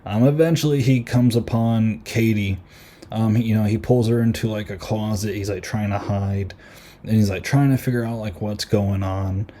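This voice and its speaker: A man's voice: lowish voice, fairly even intonation, moderate pace, warm tone. A man hosting a podcast, casually recapping a horror film with lots of fillers and retelling lines. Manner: chatty, lots of "like" and "um". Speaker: podcast host. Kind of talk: casual movie review recap.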